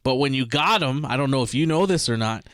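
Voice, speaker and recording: A young man co-hosting a podcast in casual chat, relaxed and rambling, laughing easily. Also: mid-range voice, fairly quick, no echo, studio quality. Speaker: podcast co-host.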